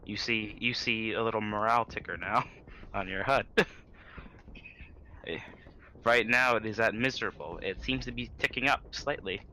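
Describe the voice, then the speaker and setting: Bright-voiced man running a tabletop game. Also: lowish voice, moderate pace, pauses often, slight background noise, poor audio. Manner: casual, full of fillers and laughs. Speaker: game master.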